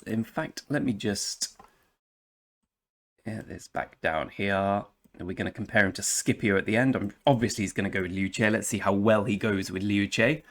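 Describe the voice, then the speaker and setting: A jokey English man talks through a strategy game with a fairly low voice. He rambles cheerfully in a casual commentary style and slips into playful mock accents now and then. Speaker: gaming channel host.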